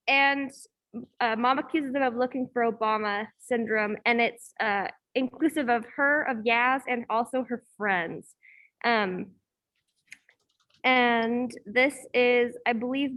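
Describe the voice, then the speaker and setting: A woman's voice: on the high side, a bit bright. A young woman student leading a class discussion over a video call, hesitant with many fillers, in an echoey room. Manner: hesitant, many ums and likes. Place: room in a campus hall, echoey.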